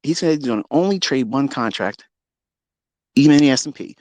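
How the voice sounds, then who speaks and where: A man hosting a live audio stream, delivering a heated, profane and boastful rant that swings between loud outbursts and low muttering. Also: expressive, fairly quick, no echo. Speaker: trading educator and Twitter Space host.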